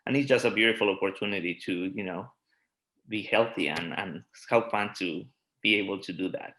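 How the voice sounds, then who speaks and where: Halting, supportive man teacher with a lowish voice. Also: rough recording. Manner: warm, supportive, halting, restarts words. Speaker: PE and health teacher. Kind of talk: presentation on a video call.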